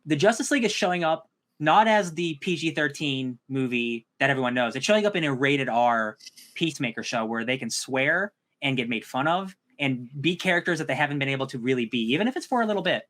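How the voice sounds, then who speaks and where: A man's voice: medium pitch, expressive, fairly quick, a bit bright. A man co-hosting a casual podcast, talking in an enthusiastic, rambling, slangy way. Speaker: podcast co-host.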